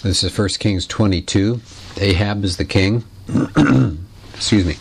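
Low-voiced man lecturing conversationally. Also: a little slow. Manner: conversational, explanatory, asks the listeners questions; clears his throat now and then. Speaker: teacher. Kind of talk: lecture on literature.

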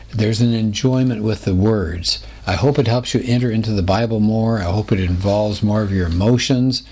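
A man's voice: medium pitch, slight background noise. A man teaching a recorded Bible lesson, explaining patterns and reading scripture aloud, often asking his listeners rhetorical questions.

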